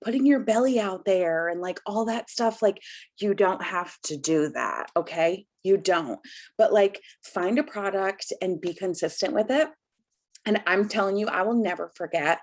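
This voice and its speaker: A woman in her thirties hosting a product call, giving an energetic, emphatic motivational talk over a video call. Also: medium pitch, moderate pace. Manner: energetic, emphatic, addresses listeners as "you guys". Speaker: host of a business product call.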